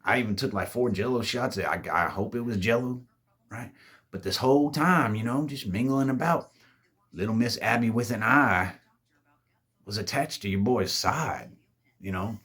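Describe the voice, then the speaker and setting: A man's voice: mid-range voice, expressive, normal speed, a bit bright, slightly rough. A man telling a spooky party story in a laid-back, drawling, heavily profane way, acting out his friends' lines. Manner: laid-back, drawling, swears a lot, acts out quoted friends.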